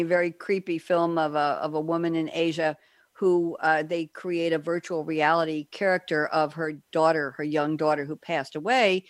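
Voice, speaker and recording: A woman's voice: deep voice, no echo. A woman hosting an interview at home, chatty and openly emotional. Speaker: host. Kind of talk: casual interview chat.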